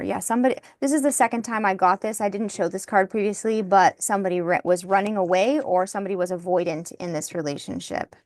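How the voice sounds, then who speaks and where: A woman giving an intuitive tarot reading, soft-spoken and emotional, thinking aloud as she turns the cards. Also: mid-range voice, no room sound. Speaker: tarot reader.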